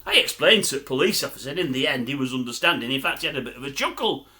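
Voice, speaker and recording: A man's voice: medium pitch, expressive, racing, bright, forceful tone. An older man, rambling to camera as a vlogger in a grumbling, chatty storytelling style.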